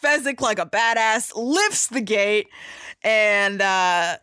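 A young woman casually retelling a movie plot, chatty and excitable, swearing and acting out quotes. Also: mid-range voice, slow, clean tone, dry recording, clean studio sound.

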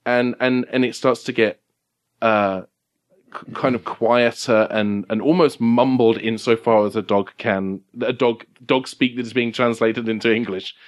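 A man narrating a tabletop game as game master, halting and repeating himself as he describes scenes. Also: mid-range voice, fairly even intonation. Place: game store.

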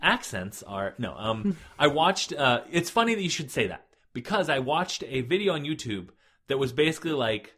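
A man's voice: on the high side, big pitch swings, normal speed, fairly bright tone, breathy edge. Man, podcast co-host, casual chat, rambling, lots of ums and restarts. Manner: rambling, many fillers and restarts.

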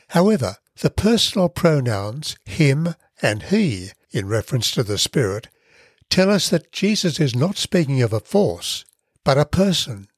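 A man teaches from the Bible as host of a devotional podcast. His slightly husky voice moves up and down with lively pitch as he leans on key words. The recording is close and dry. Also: no room sound. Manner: measured, earnest reading with emphasized words.

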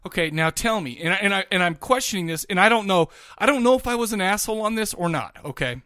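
A man's voice: high voice, animated, fast talker, bright, forceful tone, no echo, clean studio sound. A man co-hosting a podcast, telling a rambling story in casual chat, full of restarts and laughter. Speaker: podcast co-host.

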